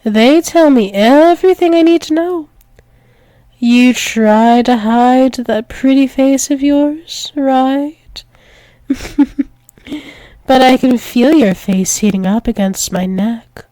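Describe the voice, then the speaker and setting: A woman's voice: sits high, slow, no room sound. Woman playing a teasing werewolf demoness in whispered role-play. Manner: teasing, doting, soft-spoken. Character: dominant possessive female werewolf demon, doting.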